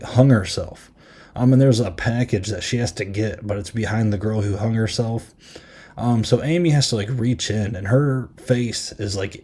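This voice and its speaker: A man hosting a podcast, casually recapping a horror film with lots of "like" and "um" and quick half-acted quotes. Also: fairly low pitch, dark tone, husky. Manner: rambling, filler-heavy recap with frequent "like" and "um"; easily amused, retells scenes with quick half-acted quotes. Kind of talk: casual chat.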